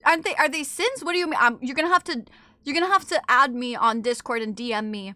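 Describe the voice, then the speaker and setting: A woman streamer chatting casually with her live chat while eating, animated, switching between loud exclamations and low asides, swearing freely. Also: fast talker, no room sound, clean studio sound.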